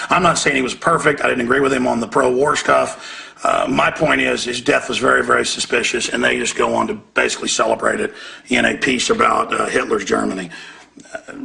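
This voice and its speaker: A man's voice: medium pitch, gravelly, pushed and bright. A man hosting a talk radio show, speaking with indignant, emphatic commentary. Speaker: radio host.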